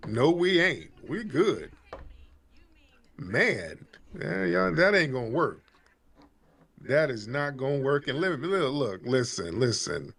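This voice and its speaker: A man hosts a live call-in talk show at a middle pitch. He talks emphatically and repeats his lines over and over to hammer each point home. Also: very animated, takes it slowly, gravelly, pauses often, fairly bright tone. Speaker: host.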